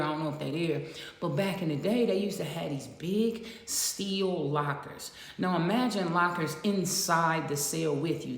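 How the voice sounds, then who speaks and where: Casting: woman, lower voice, animated and profane storyteller, echoey roomy sound. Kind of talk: casual storytelling to camera.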